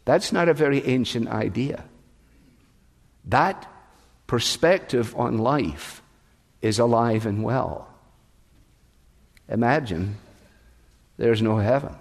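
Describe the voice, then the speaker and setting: A man's voice: mid-range voice, darkish tone. An older man preaching a sermon as pastor, raised in England, in a conversational, storytelling way. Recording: long reverb of a large hall.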